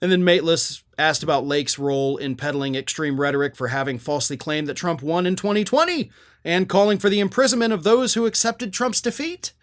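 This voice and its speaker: A man's voice: on the high side, brisk. A man hosting a political commentary show, talking in an indignant, sarcastic way and reading out quotes at length.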